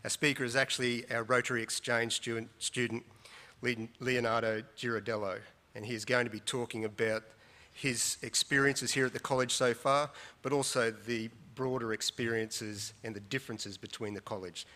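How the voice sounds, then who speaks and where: A man's voice: medium pitch, fairly even intonation, moderate pace, hardly any pauses, pushed and bright. Man introducing a speaker, dry jokes. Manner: joking, dry aside. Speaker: school staff introducing speaker. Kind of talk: assembly introduction. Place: school assembly hall.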